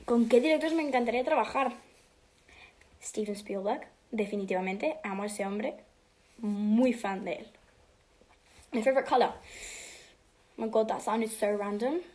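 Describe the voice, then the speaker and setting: A teenage girl answering fan questions on a home livestream, chatting casually and switching between English and Spanish, sometimes dropping to a soft half-whisper. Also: on the high side, normal speed, long pauses. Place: home room.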